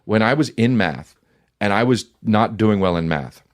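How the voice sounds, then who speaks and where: A man chatting casually as a podcast guest, animated and profane, often repeating himself. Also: lowish voice, moderate pace. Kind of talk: casual chat.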